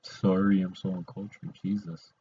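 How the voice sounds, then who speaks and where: A man's voice: low-pitched, flat delivery, normal speed, warm tone, slight background noise. A young man casually chatting on a live stream while building, muttering to himself. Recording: dull lo-fi stream audio.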